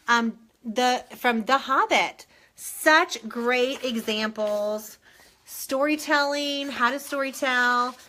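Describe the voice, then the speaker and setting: A middle-aged woman, a former English teacher gushing over books in a casual show-and-tell, full of ums. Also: sits high. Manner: gushing, excitable, many ums.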